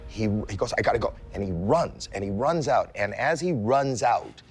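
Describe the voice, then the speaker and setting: A celebrity guest in his sixties tells a story in a casual chat at a moderate pace, his voice carrying a breathy edge over soft background music. His comic timing is lively, and he leaps into high-pitched yelps while acting out scenes.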